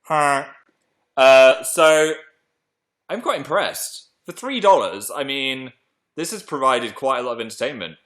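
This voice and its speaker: A young British man chatting excitedly on a live stream and reading viewer messages aloud. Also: mid-range voice, measured pace. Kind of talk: casual live stream chat.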